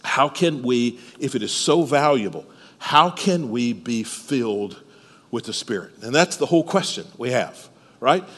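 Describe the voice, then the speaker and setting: A man's voice: medium pitch, animated, unhurried, fairly bright tone, big-room sound. A man preaching a sermon at a church service, explaining step by step and asking the listeners questions. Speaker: pastor.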